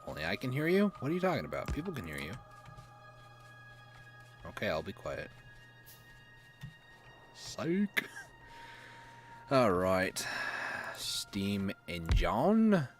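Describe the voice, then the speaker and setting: A man's voice: on the low side, wildly swooping pitch, slow pace, pauses often, soft background music. A man giving casual gameplay commentary, rambling and mocking himself, chuckling often. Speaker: gaming YouTuber.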